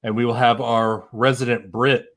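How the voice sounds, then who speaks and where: A man's voice: mid-range voice, little pitch movement, normal speed, fairly bright tone. A man co-hosting a podcast in casual, jokey chat, often stumbling over his words. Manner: jokey, stammering restarts, sings silly bits. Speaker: podcast co-host.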